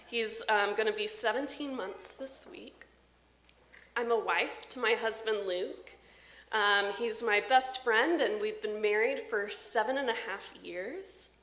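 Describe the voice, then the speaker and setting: A woman's voice: mid-range voice, unhurried. A woman in her thirties, a pastor, giving a sermon with personal storytelling. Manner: warm personal storytelling from the pulpit. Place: church sanctuary. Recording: roomy church echo.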